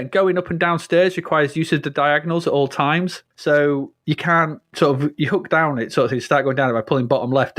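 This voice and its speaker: A man's voice: a little high, a bit bright, dry recording. A man hosting a casual retro game review chat, criticizing games in a dry, dismissive way. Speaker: podcast host.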